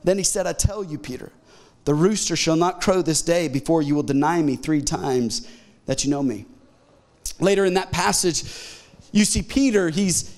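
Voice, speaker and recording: Male pastor in church, sermon, high voice that jumps around a lot, jokey. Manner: animated, acts out quotes, jokes with congregation. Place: church sanctuary.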